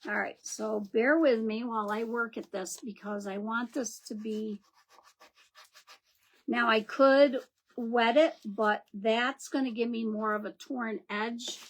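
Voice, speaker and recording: A woman's voice: on the high side, fairly even intonation, takes it slowly. A woman hosting a live crafting demo, chatting and greeting viewers by name as she works. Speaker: craft livestream host.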